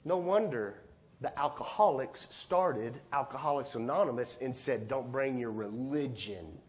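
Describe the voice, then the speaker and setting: A man preaching a sermon as a pastor, from Texas, swinging between loud, high bursts and quiet, low asides as he acts out conversations. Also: expressive, measured pace, slight background noise. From Texas, USA.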